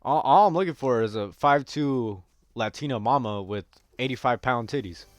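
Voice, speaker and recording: A man's voice: medium pitch, animated, normal speed, dry recording. A man giving casual gameplay commentary, rambling and joking crudely with a lot of swearing. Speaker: gaming streamer.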